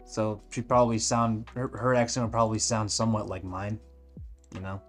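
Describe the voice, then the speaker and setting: A man's voice: on the low side, flat delivery, moderate pace, soft background music. A man from California with a Californian accent, chatting casually while he draws, rambling with lots of likes and restarts. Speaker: animation streamer. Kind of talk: casual chat while drawing.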